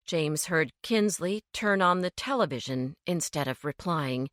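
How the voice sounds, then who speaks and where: A woman narrating a mystery audiobook with expressive storytelling. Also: low voice, a little slow, hardly any pauses, no echo, studio quality. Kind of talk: scripted narration.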